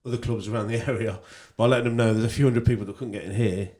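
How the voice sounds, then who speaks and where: A man, a DJ guest on a radio show, telling club stories in a relaxed, rambling way. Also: fairly low pitch, rapid-fire. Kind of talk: casual radio interview. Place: radio studio.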